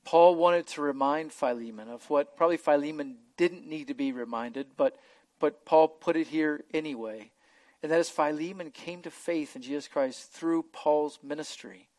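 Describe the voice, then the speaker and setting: A man's voice: a little high, moderate pace, a little mellow, no room sound. Earnest man preaching, close and dry. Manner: earnest, emphatic, with frequent repeated words. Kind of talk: expository sermon.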